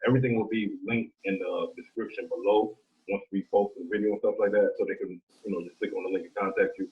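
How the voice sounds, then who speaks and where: A man hosting a podcast, his voice on the low side and sounding thin and narrow, as if through a phone line. He is appreciative and keeps thanking his guest. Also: fairly even intonation, quick pace. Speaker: podcast host. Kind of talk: casual interview chat.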